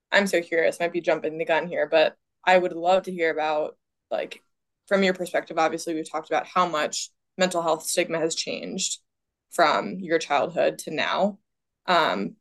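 A podcast host asks curious, friendly questions in a relaxed interview. The delivery is conversational and attentive. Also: medium pitch.

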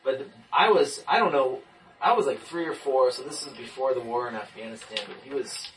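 Young man sharing his testimony, lively and repetitive, bright tone, picked up from across the room. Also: mid-range voice, brisk. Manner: animated storyteller, restarts and repeats. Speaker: person giving a testimony. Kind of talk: casual testimony in a group talk. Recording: distant mic.

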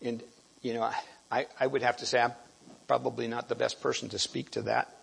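A man giving a sermon, halting and restarting often and clearing his throat. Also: mid-range voice, level tone, slight background noise. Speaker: preacher.

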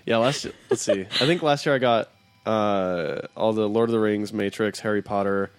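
A man co-hosting a casual podcast chat, enthusiastic and quick to laugh. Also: on the low side, clear, resonant tone.

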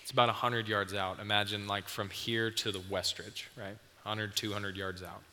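A man preaches a sermon, retelling a story to his listeners with vivid detail. His voice is low with a bright edge. It rings with a long hall reverb over a faint background hiss. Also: little pitch movement, normal speed. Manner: vivid storytelling, speaking to the audience.

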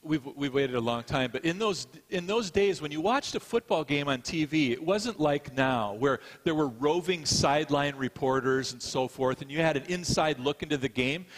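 A man's voice: on the high side, fairly bright tone. A middle-aged man preaching a sermon in a conversational storytelling way, with self-deprecating asides. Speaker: pastor. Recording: long hall reverb.

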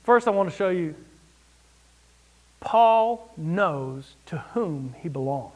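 A man preaching a sermon, expressive, rising and dropping for emphasis, with wry asides. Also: high-pitched, slow pace. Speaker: pastor.

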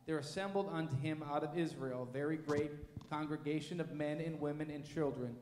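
A man reading scripture aloud in a church with a steady, measured delivery. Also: a little high. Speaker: scripture reader. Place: church sanctuary. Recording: echoey church hall with long reverb.

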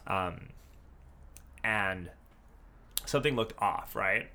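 A man's voice: on the low side, drawn-out words, sharp tone, slight background noise. A man telling a story in casual chat, rambling and swearing, with lots of restarts. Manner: rambling, profane, restarts a lot.

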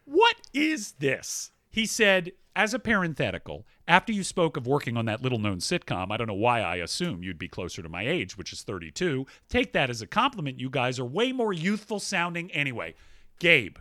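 A man in his thirties, a podcast co-host who talks fast and reads listener emails aloud with quick jokes. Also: mid-range voice, sing-song, bright, forceful tone, dry recording, studio quality. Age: 30s. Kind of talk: casual podcast chat.

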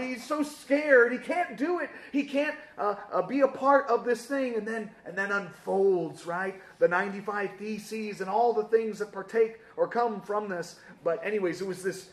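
A man teaching a casual sermon in a church, lively and joking, with many fillers and questions to the room. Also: sits high, roomy sound.

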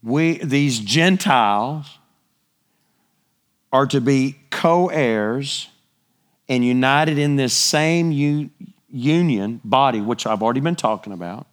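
A middle-aged man preaching a sermon, animated, his voice climbing higher when he gets excited. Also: slow.

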